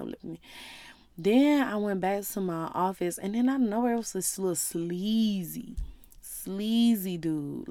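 A woman's voice: on the low side, mellow, no room sound. Chatty woman podcaster, dry sound. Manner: conversational, drifts into voicing God and others. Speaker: podcast host. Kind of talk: casual faith talk.

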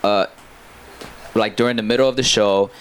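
A man's voice: lowish voice, steady tone, moderate pace, slight background noise. A man, a musician guest, telling stories casually with many fillers and restarts. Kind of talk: casual storytelling.

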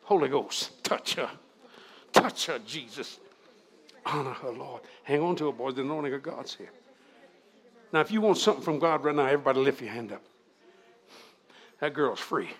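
An older man, preaching at a revival, moving from fervent shouted prayer to folksy storytelling. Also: medium pitch, lively intonation, brisk, pauses often. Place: church sanctuary.

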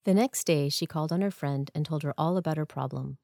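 A woman narrating a story in a measured, even storytelling manner. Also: low voice, creaky, faint music behind. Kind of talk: scripted narration. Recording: dry close studio sound.

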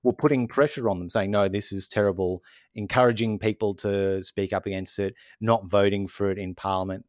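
Deep-voiced man explaining policy. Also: steady tone, brisk, no room sound, studio quality. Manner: explains step by step, with frequent "so essentially" and "um" fillers. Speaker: podcast co-host. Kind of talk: casual explanatory chat.

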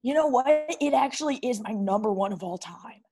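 A woman's voice: a little high, expressive, fairly quick. A woman playing a brash, slangy teenage boy who breakdances and pranks, in an improv comedy interview. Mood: boastful. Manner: slangy, boastful, calls people bro.

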